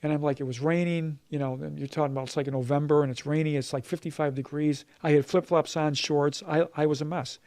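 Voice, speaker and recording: A man in his fifties sharing a personal testimony in conversation, speaking in a halting, earnest way with many fillers and restarts. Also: fairly high pitch, steady tone, a little mellow, no room sound. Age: 50s.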